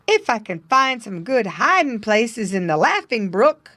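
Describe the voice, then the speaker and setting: Kindly male beaver for a storybook, raised lively voice, played by a woman. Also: on the high side, unhurried, no echo, voice pushed up. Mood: thoughtful. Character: friendly easygoing male beaver.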